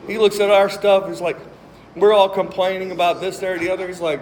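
Animated high-voiced preacher. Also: male voice, fairly quick. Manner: animated, joking, reads scripture aloud with emphasis. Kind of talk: sermon.

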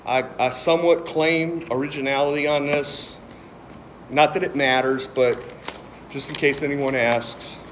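There's a faint hiss or hum behind this man's mid-range voice as he preaches, a little slowly. He reads the verses with emphasis and breaks them up with jokes, keeping an animated, joking manner.

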